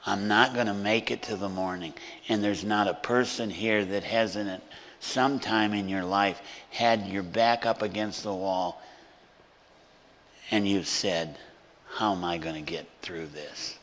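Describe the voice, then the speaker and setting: A man preaching a sermon as a guest pastor in a church, moving between hushed storytelling and loud, emphatic preaching. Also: lowish voice, unhurried, in a large hall. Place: church sanctuary.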